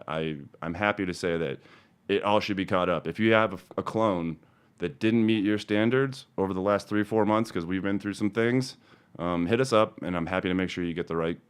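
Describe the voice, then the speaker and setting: A middle-aged man with a fairly low voice hosts a cannabis seed show in a loose, off-the-cuff way. He swears freely and moves between heated complaint and relaxed, friendly chat with viewers. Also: smooth. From Denver, Colorado. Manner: profane, angry ranting that turns calm and chatty. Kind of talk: casual ranting livestream talk.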